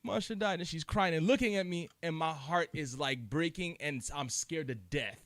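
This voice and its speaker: A man's voice: a little high, moderate pace, fairly bright tone, no echo. A man co-hosting a casual podcast, telling personal stories frankly and with a lot of profanity. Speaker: podcast co-host.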